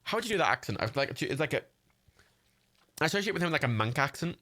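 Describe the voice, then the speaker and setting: Lively, chatty male game streamer. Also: a little high, quick pace. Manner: chatty and self-mocking, swears freely. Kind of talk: casual livestream gaming commentary.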